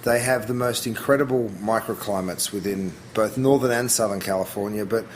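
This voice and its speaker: A man's voice: on the low side, fairly quick, slight background noise. A middle-aged Australian man, a chef being interviewed, talking casually and thinking aloud with frequent restarts. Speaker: chef guest.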